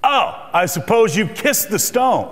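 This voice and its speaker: A high, shrill voice of a fussy woman tourist, put on by a male speaker. She whines with indignation, and her words swing from peak to dip. The sound carries the long ring of a large hall. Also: big pitch swings, unhurried. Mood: indignant. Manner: indignant, whiny. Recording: reverberant hall.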